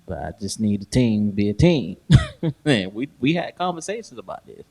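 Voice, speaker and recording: A man's voice: fairly low pitch, sing-song, fairly quick, vocal fry, darkish tone. A man co-hosting a podcast, telling stories in casual chat with slang, laughing often and acting out what people said. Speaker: podcast host.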